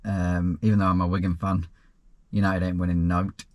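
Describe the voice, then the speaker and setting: A man's voice: sits low, little pitch movement, normal speed, a little mellow, dry recording. A man, a self-employed plumber, answering viewer questions in a casual, rambling vlog with dry asides. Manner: easygoing and rambling, with frequent restarts and dry asides.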